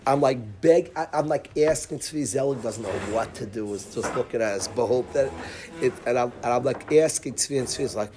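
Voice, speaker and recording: A middle-aged man, a rabbi, telling a personal story to his class in a lively way, with asides, restarts and chuckles. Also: medium pitch, normal speed, noisy background. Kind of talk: animated storytelling to students.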